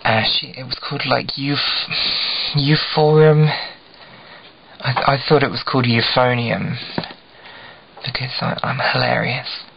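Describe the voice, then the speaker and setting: A man's voice: mid-range voice, fairly even intonation, slow pace, vocal fry, long pauses, breathy edge. A young man from England vlogging in a casual, rambling, self-deprecating way, full of "like" fillers. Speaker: video blogger. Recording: dull lo-fi webcam audio with faint hiss.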